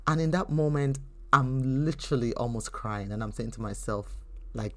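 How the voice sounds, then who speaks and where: A woman's voice: rumbling low, moderate pace. A woman hosting a faith teaching podcast who talks earnestly and conversationally, telling personal stories with frequent restarts. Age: adult. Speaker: podcast host.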